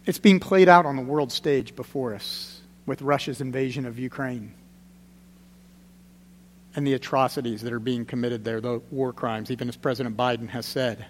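A man preaching a sermon as pastor, conversational and emphatic, repeating his key points and dropping to a quiet, grave tone. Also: medium pitch, fairly even intonation, normal speed, long reverb tail, a little hiss or hum.

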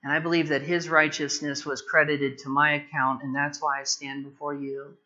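Bright-voiced impassioned male preacher. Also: fairly high pitch, flat delivery, moderate pace, dull audio. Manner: impassioned, rises to loud emphatic preaching. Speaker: pastor. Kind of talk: sermon.

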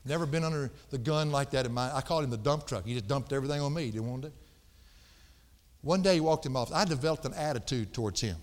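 A middle-aged man preaching a sermon, folksy and emphatic, jumping from loud outbursts to hushed asides. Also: mid-range voice, fast. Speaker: pastor. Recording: long hall reverb.

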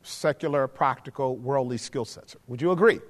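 A man preaching a sermon, asking the congregation questions and swinging between quiet, low stretches and emphatic rises. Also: normal speed. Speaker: pastor. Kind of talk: sermon teaching. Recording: hall with long reverb.

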